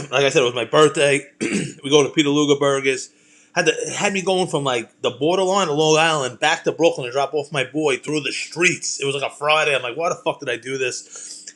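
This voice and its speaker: A man's voice: mid-range voice, a bit bright. A man, a comedian and host, talking in a loose, rambling monologue full of swearing and self-deprecating jokes. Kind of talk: casual monologue.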